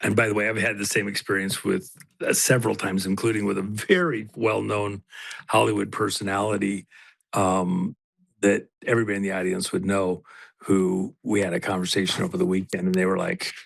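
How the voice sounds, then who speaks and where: A man's voice: fairly low pitch, flat delivery, a little fast, vocal fry, no room sound. A male guest on a political talk show who speaks in an emphatic, insistent way.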